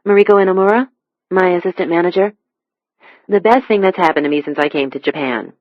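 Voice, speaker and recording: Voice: medium pitch, fast, no room sound, voice pushed up, close to an everyday voice. An audiobook reader voicing Joanna, a gracious American woman who runs a club in Japan, in a dull, dry close recording. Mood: friendly. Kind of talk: audiobook dialogue.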